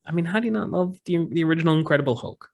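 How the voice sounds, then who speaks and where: A man's voice: fairly high pitch, racing, creaky, a little mellow. Rambling joking male podcast host. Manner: rambling, joking, lots of fillers and restarts. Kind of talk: casual podcast chat.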